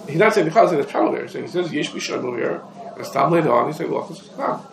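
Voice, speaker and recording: A man teaching a lecture on Jewish law, explaining rapidly and peppering his English with Hebrew legal terms. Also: fairly high pitch, expressive, gravelly, crowd noise. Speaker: rabbi teaching a class. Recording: echoey room.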